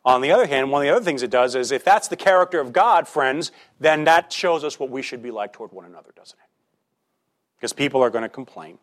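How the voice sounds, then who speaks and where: A man preaching a sermon as pastor, in a conversational style full of rhetorical questions, swinging between loud emphasis and quiet asides. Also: medium pitch, animated, quick pace.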